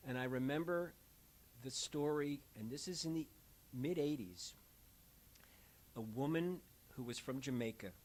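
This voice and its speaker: A man's voice: mid-range voice, a little slow, pauses often, low-quality recording. An older man who works as an end-of-life doula, telling personal stories in a conversational way and acting out the voices of the people he quotes. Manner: animated storyteller, acts out quoted voices. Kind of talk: conversational storytelling. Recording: faint hiss.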